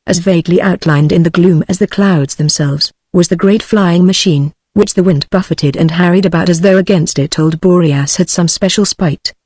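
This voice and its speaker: A text-to-speech voice of a woman with a British English accent, reading an adventure novel aloud in an even, synthetic manner. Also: lowish voice, no echo, studio quality. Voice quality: even synthetic delivery, same voice for all characters. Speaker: audiobook narrator.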